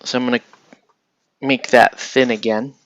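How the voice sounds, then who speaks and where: A man chats his way through a painting tutorial, thinking out loud and often leaving sentences unfinished. His voice sits at a middle pitch. The sound is dry and close, with no room echo. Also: unhurried, highs cut off. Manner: relaxed, thinking aloud while painting, trailing off mid-sentence. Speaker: miniature painting host. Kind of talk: casual painting tutorial talk.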